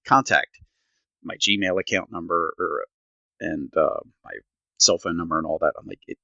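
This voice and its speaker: Sitting low and creaky, yet bright and forceful, this middle-aged co-host's voice moves at a moderate pace as he rants through a story and acts out people's lines. It's casual podcast chat on a slightly dull, dry mic with no room sound.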